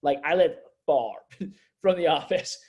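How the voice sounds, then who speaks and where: This district manager has a fairly high, darkish voice and an unhurried pace as he onboards his staff. The talk is loose and rambling, packed with fillers and restarts.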